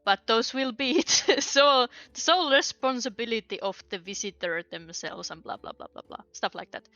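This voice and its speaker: Woman, game player, bright voice, rambling with fillers, dry dull recording. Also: on the high side, lively intonation, normal speed, no room sound, faint music behind. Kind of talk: casual chat.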